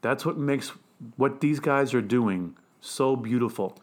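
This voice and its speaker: A man's voice: mid-range voice, measured pace. A man co-hosting a podcast, chatting casually and explaining things in detail. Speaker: podcast co-host. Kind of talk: casual tasting chat.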